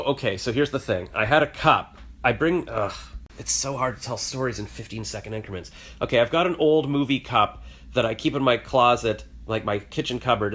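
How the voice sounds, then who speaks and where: A man's voice: on the low side, fairly bright tone. A man with a stuffy, nasal voice from a cold, casually telling a rambling, self-mocking story to his phone camera and acting out the other people's lines. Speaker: vlogger.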